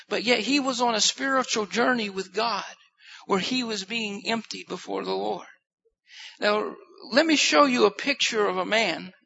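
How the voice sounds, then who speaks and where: A man's voice: high voice, vocal fry, bright, forceful tone. A man preaching a sermon in an earnest way, repeating phrases for emphasis. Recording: muffled lo-fi recording.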